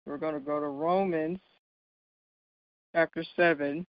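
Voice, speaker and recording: Slow, higher-pitched male Bible teacher. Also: fairly even intonation, no echo. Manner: checks in often with "right?" and "okay?"; explains patiently with light laughs. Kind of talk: Bible study lesson. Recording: dull, dry lo-fi recording.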